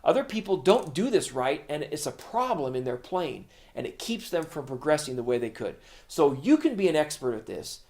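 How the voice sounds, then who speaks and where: A man's voice: a little high, very animated, normal speed, few pauses, darkish tone. Upbeat middle-aged man teaching drums. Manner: plain, patient explaining with counting demos. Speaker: drum teacher. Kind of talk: instructional video lesson.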